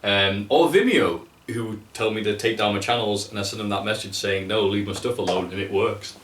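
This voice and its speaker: This guest, a young man from North East England who makes wrestling videos, has a lowish, fairly bright voice and speaks fairly quickly. His casual chat is heavy with swearing, and he acts out quotes in different voices. The sound comes from mic distance in an echoey room.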